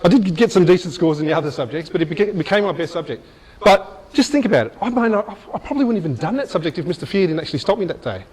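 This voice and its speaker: A middle-aged man giving a motivational speech, telling a personal story in a lively, chatty way with asides. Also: sits high, racing, slightly rough, poor audio. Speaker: motivational speaker.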